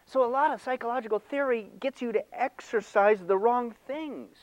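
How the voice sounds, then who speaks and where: An older man preaching a sermon in an animated, conversational way, laughing and acting out mock voices. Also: very high voice, moderate pace, no echo, rough recording. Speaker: pastor.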